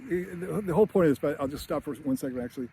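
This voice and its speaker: Husky man rambling about films. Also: a little high, rapid-fire, warm tone. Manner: rambling, chuckling, many fillers. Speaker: screenwriting commentator. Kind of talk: casual film analysis.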